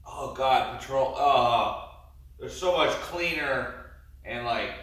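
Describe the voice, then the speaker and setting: A man's voice: mid-range voice, slow pace, fairly bright tone. A man feeling nauseous, groaning and rambling as he talks casually for his vlog. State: nauseous, queasy. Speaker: car-build vlogger. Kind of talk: casual vlog talk to camera. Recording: echoey room, far from the mic, faint noise.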